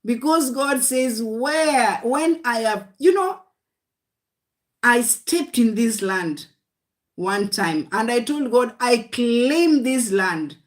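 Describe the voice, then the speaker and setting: A woman delivers a livestream sermon in a fairly high voice, unhurried and deliberate. She repeats her short, emphatic lines of encouragement and keeps calling the audience "guys.". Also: animated. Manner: emphatic, repetitive exhortation, often calling listeners "guys"; speaks in short declarations of faith. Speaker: preacher.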